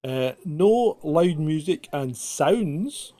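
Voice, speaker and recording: A man's voice: fairly high pitch, lively intonation, very slow, dark tone. A man from the UK co-hosting a casual live stream, exasperated and mocking, often laughing.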